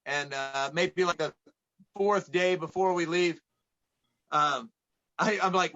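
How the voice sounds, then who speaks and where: A man from Atlanta, a podcast guest, chatting casually and telling lively anecdotes, acting out the people he quotes. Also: sits high, measured pace, lo-fi sound. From United States, Atlanta. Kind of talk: casual storytelling in conversation.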